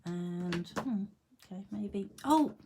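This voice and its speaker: Lady doing a crafting tutorial at her desk, unhurried, voice swoops up and down, chatty and self-amused. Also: fairly low pitch, animated, background noise. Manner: chatty, talks to herself and her tools; laughs at her own jokes. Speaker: card-making demonstrator. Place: home craft room at a desk.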